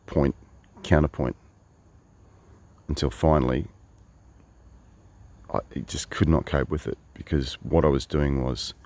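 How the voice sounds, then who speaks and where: A wry Australian man with an extremely deep, low voice spins a rambling traveller's yarn. He talks in a casual, meandering way, full of asides and self-corrections. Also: steady tone, a little slow, long pauses, a little mellow. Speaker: travelling storyteller. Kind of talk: casual spoken monologue.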